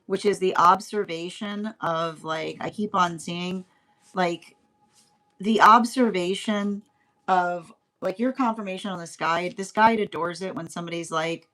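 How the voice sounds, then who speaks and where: Woman doing a tarot reading, lots of like and um, keeps restarting her sentences. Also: fairly low pitch. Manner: halting, repeats words, many fillers; grows animated and laughing. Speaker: tarot reader. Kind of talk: spoken intuitive reading.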